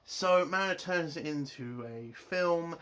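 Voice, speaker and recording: A man with a voice pitched a little above the usual runs through an episode review in a casual spoken way. He sounds exasperated, ranting and swearing freely as he goes. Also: measured pace, pushed and bright, smooth. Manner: exasperated, swears a lot, rants.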